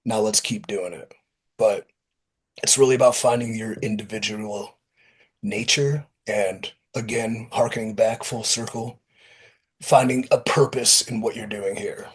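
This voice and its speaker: A man being interviewed as a pro wrestler guest, talking in a blunt, profane, lively storytelling way. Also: fairly low pitch, a little slow, breathy edge. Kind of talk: casual interview talk.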